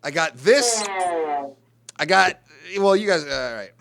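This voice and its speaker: A man's voice: fairly high pitch, expressive, slow pace, creaky, fairly bright tone. A young man telling a profane, rambling comic story in an exasperated ranting manner. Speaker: comedian. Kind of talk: comedic monologue.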